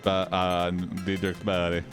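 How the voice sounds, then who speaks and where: A man hosting an improvised comedy story, dictating prompts slowly with drawn-out words and fillers. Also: low voice, completely flat delivery, music in the background. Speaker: host.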